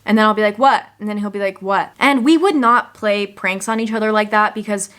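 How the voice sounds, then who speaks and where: A young woman vlogging from her one-room home, telling spooky stories in a chatty, animated way with lots of "like.". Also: medium pitch, fairly quick. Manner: chatty, animated, says "like" often. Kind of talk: casual storytelling to camera.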